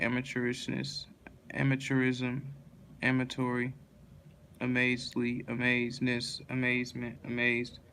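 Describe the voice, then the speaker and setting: A tired man reading dictionary words one after another in a flat monotone, stumbling and restarting now and then. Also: mid-range voice, a little hiss or hum. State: yawning, tired.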